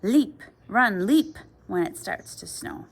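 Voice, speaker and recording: A woman voicing a gentle deer looking for moss and grass in a rhyming picture book, in a sing-song delivery. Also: medium pitch, expressive, slow. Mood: bright. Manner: sing-song rhyming delivery, louder than her narration.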